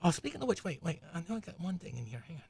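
A man's voice: on the high side, very animated, rapid-fire, gravelly, a little mellow, husky, no echo. A man with a slight New England accent hosting a casual talk show, reading news aloud and riffing sarcastically with lots of fillers. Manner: rambling, sarcastic, many fillers, laughs at own jokes. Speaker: show host.

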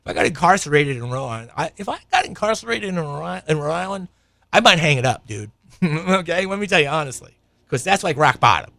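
A man's voice: fairly high pitch, very animated, brisk, creaky, sharp tone, no echo, studio quality. A man hosting a podcast, telling a rambling, profane story from a room at home and chuckling often. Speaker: podcast host.

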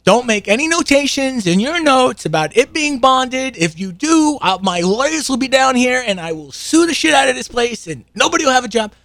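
A man voicing a loud, obnoxious, demanding middle-aged mother who shouts threats. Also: big pitch swings, moderate pace, few pauses, dry recording, exaggerated voice. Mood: indignant shouting. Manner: shrill, bossy, threatening.

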